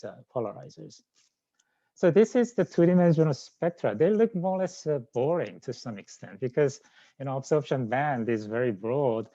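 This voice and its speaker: Middle-aged korean-accented guy giving a science talk, lots of uh's, dark dry sound, kinda muffled. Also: medium pitch, no room sound. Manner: halting, frequent "uh" fillers and restarts. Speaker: scientist giving a research lecture. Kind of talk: academic lecture. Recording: dull lo-fi sound.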